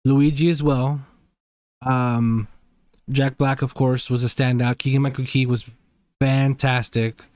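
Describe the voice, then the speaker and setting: A man's voice: mid-range voice, little pitch movement, measured pace, a little mellow, no echo. A man co-hosting a podcast in casual chat, with laid-back, rambling phrasing and many hesitations. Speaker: podcast co-host.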